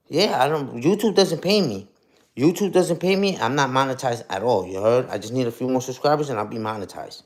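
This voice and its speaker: A man's voice: medium pitch, normal speed. A young man ranting on a casual livestream, profane and combative, ending lines with "you heard?". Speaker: streamer.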